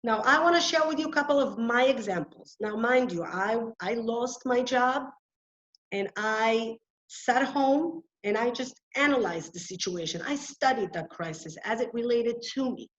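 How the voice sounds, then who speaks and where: A woman with a fairly high voice presents an online webinar. She explains things earnestly and often pauses or restarts a phrase. The sound is dull and lo-fi, like a video call microphone. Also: expressive. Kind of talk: lecture-style webinar talk.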